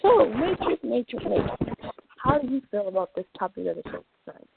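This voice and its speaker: Gravelly woman on a tinny line. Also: fairly high pitch, fairly quick, very noisy. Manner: calm, earnest advice-giving. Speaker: radio show host. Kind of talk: casual advice talk on an internet radio show. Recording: tinny phone-like line, dry.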